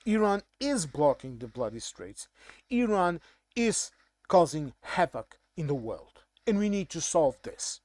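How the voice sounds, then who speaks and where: A man's voice: on the high side, sing-song, a little slow, darkish tone, no room sound, clean studio sound. A man with a Portuguese accent, native in Portuguese, giving a casual, blunt and irritated monologue commentary.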